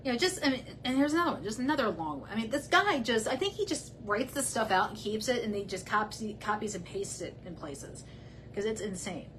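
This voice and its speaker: A woman's voice: on the high side, expressive, fairly quick, background noise. A woman hosting a true crime channel, giving casual commentary as she reads messages aloud, blunt and heated as she talks back to the person she discusses.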